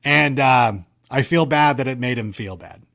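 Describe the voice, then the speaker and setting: A man being interviewed, casually rambling through stories in an animated, self-correcting way with a sarcastic streak. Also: medium pitch, moderate pace, vocal fry. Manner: sarcastic banter. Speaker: guest. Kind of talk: casual storytelling.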